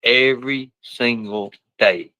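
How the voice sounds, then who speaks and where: A man chatting casually on a live stream, talking to his pets and viewers in rough, colloquial speech and swearing freely. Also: mid-range voice, slow, sharp tone, no room sound, low-quality recording.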